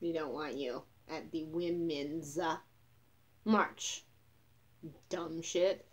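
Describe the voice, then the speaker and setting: Young woman venting on her vlog, lowish voice, lots of swearing, sarcastic and scornful. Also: fairly even intonation, drawn-out words. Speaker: vlogger. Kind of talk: casual ranting vlog.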